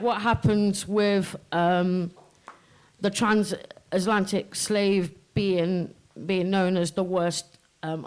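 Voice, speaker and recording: A guest artist talking on a live podcast in a pub, impassioned and swearing, with many pauses. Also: mid-range voice, rough recording. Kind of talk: casual live chat. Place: pub room before a live audience.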